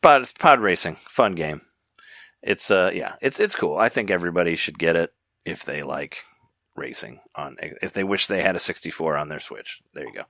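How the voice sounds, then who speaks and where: A man's voice: sits low, expressive, moderate pace, bright, forceful tone, dry recording, studio quality. A man hosting a podcast, chatting casually in a rambling way, with many restarts and easy laughs. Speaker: podcast host. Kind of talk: casual chat.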